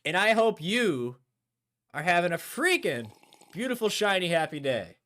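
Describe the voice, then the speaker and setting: A man's voice: sits high, sing-song, a little slow, heavily acted. A man doing a hyped goofy streamer. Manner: loud, bouncy, over-the-top cheer. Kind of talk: streamer doing a comic impression.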